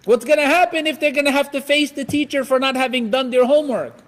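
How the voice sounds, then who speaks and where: A large hall's long reverb carries the strikingly high voice of a man giving a quick-paced religious lecture. His delivery is animated, and he acts out everyday scenes along the way.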